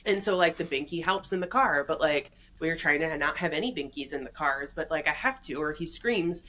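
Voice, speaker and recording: Low-voiced mom chatting on a podcast. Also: female voice, a little fast, rough recording. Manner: relaxed, rambling with many fillers. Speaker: podcast co-host. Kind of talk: casual chat.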